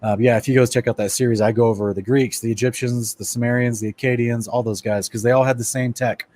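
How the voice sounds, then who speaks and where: A man presents a casual lecture-style Bible study in an animated, conversational way. His voice sits in an ordinary middle pitch. He talks straight to his listeners as guys and trips over words as he reads from his notes. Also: quick pace. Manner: animated, addresses listeners as guys, stumbles and restarts while reading.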